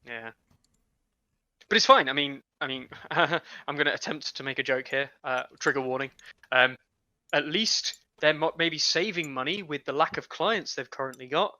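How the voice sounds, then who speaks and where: A man's voice: on the high side, normal speed, pushed and bright, no echo, dull audio. A man casually co-hosting a live game stream, joking and rambling, slightly drunk and tired after a long day. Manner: joking, rambling, self-deprecating. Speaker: commentator and co-host.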